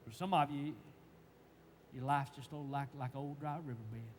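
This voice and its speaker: A man preaching a sermon, stammering and repeating words in folksy, emphatic speech that swings from loud to hushed. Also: medium pitch, normal speed. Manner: emphatic, swinging between shouts and hushed tones. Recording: long reverb, faint background noise.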